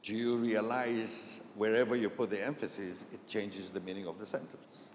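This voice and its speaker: A man's voice: level tone, normal speed. A man leading a live public speaking workshop, asking the audience questions and often checking in with "right?". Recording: echoey hall with faint rumble.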